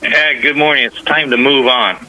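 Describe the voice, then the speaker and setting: A man's voice: medium pitch, moderate pace, sharp tone, a little hiss or hum, poor audio. A man calling into a radio show, earnest and rambling, with a Northwest Indiana accent. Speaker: caller. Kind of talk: casual phone-in chat.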